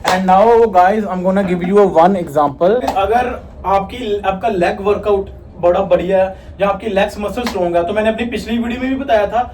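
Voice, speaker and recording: Fast-talking Indian man vlogging. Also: high-pitched, darkish tone, slight background noise. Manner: rapid, playful, teasing, says bro a lot. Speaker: fitness vlogger. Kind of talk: joking bilingual vlog chat. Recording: roomy sound from far off.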